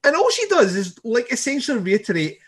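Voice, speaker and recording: Animated man rambling through a show recap. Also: very high voice, fairly quick, breathy edge. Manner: rambling, swearing, laughing, many restarts. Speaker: podcast co-host. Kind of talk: casual chat recapping a TV show.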